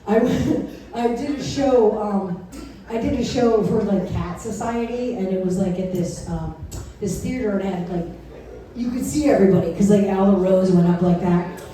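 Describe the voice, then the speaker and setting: A woman's voice: mid-range voice, moderate pace, dark tone. Bawdy woman comic in an echoey club. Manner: bawdy, laughs at own jokes, acts out dialogue. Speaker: stand-up comedian. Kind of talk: stand-up comedy set. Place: comedy club stage. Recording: very echoey club, recorded from far off.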